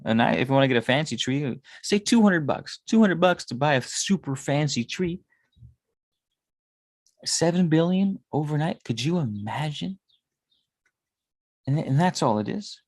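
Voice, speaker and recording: A man's voice: fairly high pitch, animated, measured pace, pauses often, no echo. A man in his thirties, a tarot reader, talking in a casual, rambling monologue and swearing often. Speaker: tarot reader and spiritual consultant.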